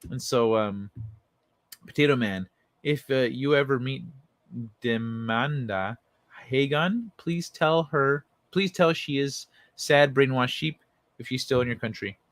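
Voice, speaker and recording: A man's voice: medium pitch, a little slow, a bit bright, dry recording. A man from Central America hosting a livestream, chatting casually and laid-back with viewers, often chuckling and swearing. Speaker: livestream host.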